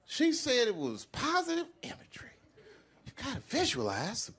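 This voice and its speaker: A man doing profane stand-up comedy on a live stage, animated and acting out the voices of people he quotes. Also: very high-pitched, normal speed. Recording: loud crowd laughter over noisy live sound.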